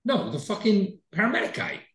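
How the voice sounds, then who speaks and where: A man's voice: high voice, sing-song, fairly quick, a bit bright, roomy sound, low-quality recording. A man co-hosting a podcast, telling a long story in a rambling, profane, casual way. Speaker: podcast co-host. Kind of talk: casual chat.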